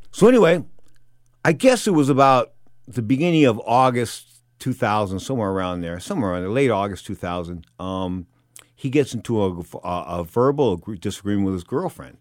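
A middle-aged man telling a casual anecdote, animated and rambling, full of repeats and fillers. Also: on the low side, brisk, no room sound, clean studio sound. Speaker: storyteller.

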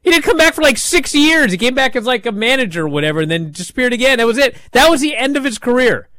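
High-voiced man rambling through a story. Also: big pitch swings, fast talker, bright, forceful tone, dry recording. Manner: rambling storyteller with many fillers. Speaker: wrestling radio show host. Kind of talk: casual chat.

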